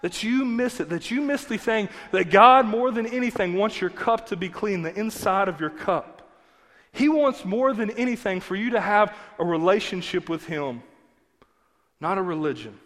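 A man's voice: high-pitched, animated, moderate pace, fairly bright tone. A man preaching a sermon as pastor, in an earnest, conversational way with emphatic repetition. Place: church sanctuary. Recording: long hall reverb with faint music.

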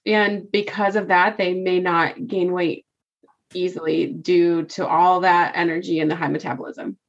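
On a podcast she co-hosts, a woman talks freely in relaxed chat, musing aloud and quick to laugh. She has a lowish voice with fairly even intonation and a measured pace, recorded in slightly dull lo-fi quality.

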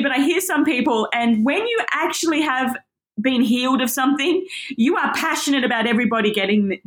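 A woman teaching on a Bible passage, earnest and emotional, moved to tears as she reads. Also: a little high.

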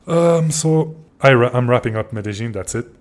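A podcast host tells a story casually, swearing a lot and restarting sentences as he gets worked up. His voice is medium in pitch and moderate in pace.

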